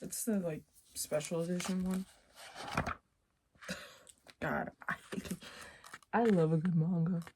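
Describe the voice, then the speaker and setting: A young woman chatting casually in her vlog, playful and rambling, with sudden loud exclamations. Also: lowish voice, fairly even intonation, slow, long pauses, slight background noise. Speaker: vlogger.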